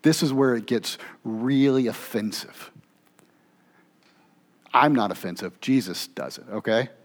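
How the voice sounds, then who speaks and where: Male pastor preaching with animated swings. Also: unhurried. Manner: animated preaching, swinging from emphatic rises to quiet, low asides; conversational, with frequent "okay?" check-ins and restarts. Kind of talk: sermon.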